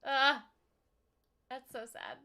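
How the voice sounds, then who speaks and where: A very high, bright young woman's voice, tearful and on the edge of crying as she chats through a live game stream. She talks slowly, with laughs and sighs breaking up her sentences, speaking into a desk mic. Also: steady tone, clean tone. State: teary, near crying. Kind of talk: casual live-stream chat.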